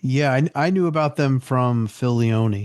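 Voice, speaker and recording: A man's voice: medium pitch, moderate pace, darkish tone, clean tone, dry recording, studio quality. A man co-hosting a podcast, talking loosely and chattily in casual conversation. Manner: loose and chatty, heavy with fillers like "you know". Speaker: podcast co-host.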